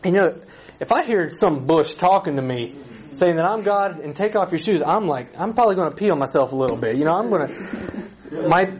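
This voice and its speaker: Man preaching casually, playful and chatty, fairly high voice, dull recording. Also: lively intonation, a little fast, a little mellow. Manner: chatty, playful, questions the group. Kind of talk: casual sermon retelling a Bible story. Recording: slightly dull recording with faint hiss.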